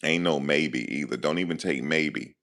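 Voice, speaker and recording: He hosts a live stream at a moderate pace, his extremely low voice carrying a fairly bright tone. He chats casually and jokingly, bantering back with his chat.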